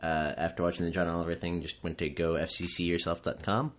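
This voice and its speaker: Low-voiced guy on a podcast, dry and skeptical, pushing back on his co-host. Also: level tone, fast talker, a bit bright. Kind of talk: casual tech news chat.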